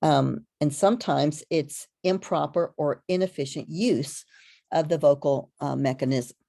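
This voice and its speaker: Over a video call, a woman presents a live online lecture as a webinar host, speaking haltingly with lots of ums and restarts. Her voice sits low and mellow, with vocal fry.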